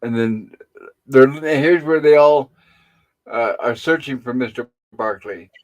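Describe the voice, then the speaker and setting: A middle-aged man hosts a casual online show, walking listeners through an old sitcom episode scene by scene. His voice sits at an ordinary pitch for a man. He rambles, pausing and filling gaps as he goes. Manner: rambling retelling with pauses and fillers. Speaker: host. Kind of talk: casual episode recap on a live stream.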